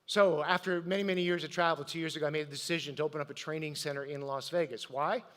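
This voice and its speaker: High-voiced man telling stories on stage. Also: fairly even intonation, quick pace, a bit bright. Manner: storytelling with audience questions. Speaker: motivational speaker. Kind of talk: live stage talk to an audience. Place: event stage.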